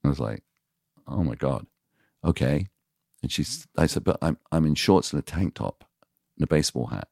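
A man's voice: extremely low pitch, moderate pace, vocal fry, long pauses, no echo, clean studio sound. A man, a radio DJ guest on a podcast, telling frank stories and acting out the dialogue in them. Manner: animated, acts out quoted dialogue; frank, confessional. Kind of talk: casual storytelling in interview.

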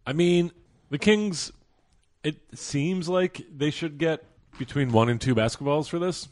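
A man's voice: a little high, measured pace, a little mellow. A man co-hosting a podcast in casual sports chat, hedging and thinking aloud as he makes his point. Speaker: podcast co-host.

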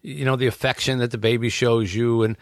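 A man's voice: mid-range voice, little pitch movement, a little fast, no echo. A man talking as an author about his book, in an earnest, reflective conversation that he fills with everyday examples.

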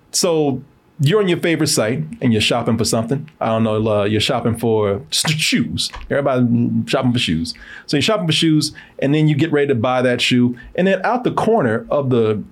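Relaxed man reading a sponsor spot. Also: fairly high pitch. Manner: relaxed, chuckling, talks straight to viewers. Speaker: host. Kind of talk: casual chat and sponsor read.

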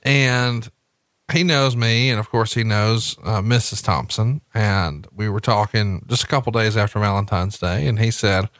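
Male storyteller, relaxed, bright dry voice. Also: fairly low pitch, measured pace, no echo. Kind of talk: casual anecdote telling.

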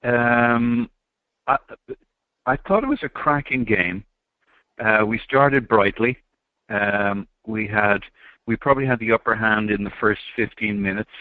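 Hesitant low-voiced man on a phone line. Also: a little slow, long pauses, no echo. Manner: hesitant, filler-heavy. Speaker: podcast regular. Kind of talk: casual podcast chat. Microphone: phone call.

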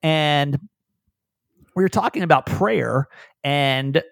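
A man hosting a podcast, talking in a rambling, self-deprecating way and telling animated stories. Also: a little high, slow, vocal fry, no room sound, studio quality. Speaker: podcast host. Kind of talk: casual podcast chat.

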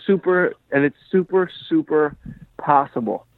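A male comedian and podcast host telling a story in a rambling, animated way, full of "like" and "you know". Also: fairly high pitch, measured pace, dry recording. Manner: rambling, animated, heavy use of "like". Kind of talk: casual storytelling chat. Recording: dry tinny phone-like sound.

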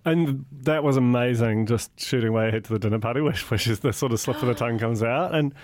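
A man's voice: medium pitch, fast talker, a little mellow. A man with a New Zealand accent co-hosting a podcast, musing and analytical, with hesitations. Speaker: podcast co-host. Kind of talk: casual chat.

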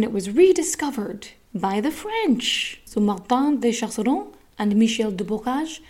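A woman, hosting a podcast and telling a history story in a sweary, sarcastic, animated way. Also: a little high. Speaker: podcast host. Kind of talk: casual storytelling chat.

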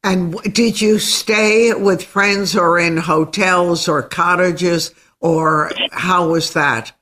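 Bright-voiced, unhurried woman host. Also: fairly low pitch, steady tone. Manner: attentive, encouraging questions. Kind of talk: casual interview.

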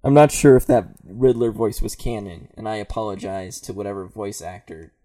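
A man's voice: fairly low pitch, normal speed, dark tone. A man running a riddle game as game master on a podcast, wry and playful. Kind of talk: podcast tabletop narration.

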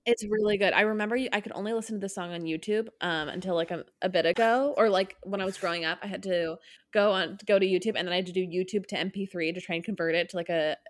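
A woman in her twenties hosts a podcast in a casual, rambling way, filling her talk with "like" and "um." Her voice sits at a middle pitch. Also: steady tone, fast. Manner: rambling, filler-heavy. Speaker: podcast host. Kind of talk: casual chat.

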